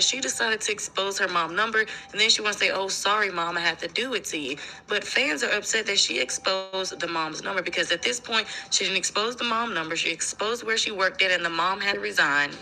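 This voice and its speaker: A woman's voice: medium pitch, a little fast, few pauses, sharp tone, slight background noise, low-quality recording. A woman narrating a gossip recap in a chatty way, reading out quotes as she goes. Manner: chatty, reads quotes aloud. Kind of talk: casual news recap.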